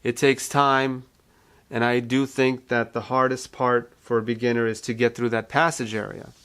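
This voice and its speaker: A male vocal coach giving a calm, reassuring singing lesson and walking beginners through vocal exercises. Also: mid-range voice, moderate pace, clear, resonant tone. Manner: calm, reassuring teaching with repeated phrases.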